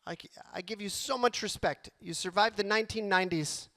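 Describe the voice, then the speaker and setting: A man doing a stand-up comedy set on a club stage, animated and rattling off long lists quickly. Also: high-pitched.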